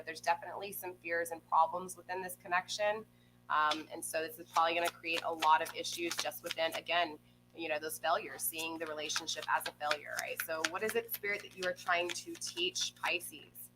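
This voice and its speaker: A woman's voice: low voice, background noise. A woman giving a live tarot reading from home, talking to viewers in a chatty way and often checking in with "okay?" and "right?". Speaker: tarot reader. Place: home room with a pet nearby. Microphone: desk microphone.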